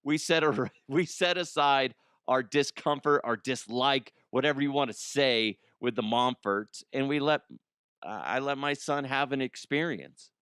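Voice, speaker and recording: A man's voice: medium pitch, unhurried, fairly bright tone, smooth, dry recording, clean studio sound. A middle-aged man hosting a podcast in a casual comedic monologue, rambling and profane, congested from allergies. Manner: rambling, profane, laughs at own jokes. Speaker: podcast host.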